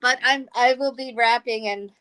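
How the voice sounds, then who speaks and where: Mulher tagarela e risonha, voz aguda. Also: female voice, fairly high pitch, steady tone, normal speed, fairly bright tone, clean tone. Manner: chatty, laughing, with fillers. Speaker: guest caller. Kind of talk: casual chat.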